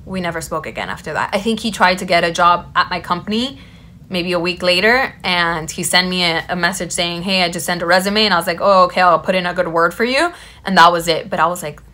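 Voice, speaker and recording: A woman's voice: lowish voice, fast talker. A woman in her thirties, a vlogger telling a story casually to camera and acting out the quotes. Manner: animated, quotes people in her own voice.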